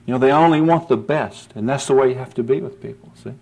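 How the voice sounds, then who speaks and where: A man's voice: mid-range voice, fast talker, vocal fry, a little mellow. A male preacher delivering a sermon with earnest conviction. He talks in a folksy, conversational way and often checks in with his listeners. His voice climbs to emphatic peaks when he presses a point. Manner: folksy, asks "see?" often.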